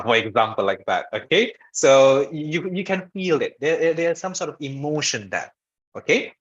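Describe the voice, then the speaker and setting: A man giving an informal online lesson on public speaking, talking conversationally and checking in with the audience often. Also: on the high side. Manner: conversational, frequent "okay" and "all right" check-ins; demonstrates voice patterns by shifting loud and soft. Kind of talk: informal lecture. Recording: dull lo-fi webinar audio.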